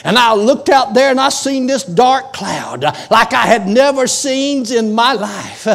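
A man voicing a churchgoing woman who testifies earnestly, speaking softer and lower. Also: lively intonation, unhurried, creaky, long reverb tail, full character voice.

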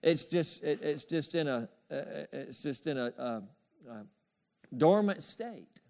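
A man's voice: fairly high pitch, lively intonation, slow, gravelly, darkish tone. A man preaching a sermon in an emphatic, repetitive style, calling for amens and chuckling as he goes. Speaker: pastor.

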